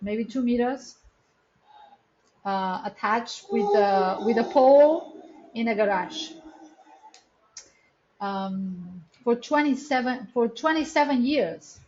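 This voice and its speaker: A woman's voice: medium pitch, darkish tone, lo-fi sound. A woman, the founder of a wildlife rescue center, talking as a guest in a casual interview with an earnest, chatty storytelling manner and non-native English phrasing.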